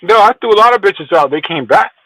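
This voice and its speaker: A man's voice: high-pitched, expressive, fast talker, bright, forceful tone, no echo, poor audio. A man chatting casually, brash and profane, boasting as he tells stories. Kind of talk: crude casual chat.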